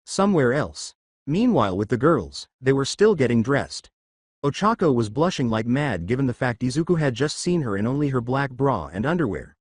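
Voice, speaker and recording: Man narrating fan fiction, lively pitch. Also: normal speed, no room sound, studio quality. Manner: steady storybook narration. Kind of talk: fan fiction story reading.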